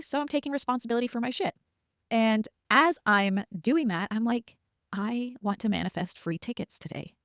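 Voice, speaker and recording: Her voice is fairly low and the recording is studio quality with no echo. She's a woman in her thirties hosting a podcast, casually recounting something that happened to her, breaking into laughter at points and voicing what she was thinking at the time.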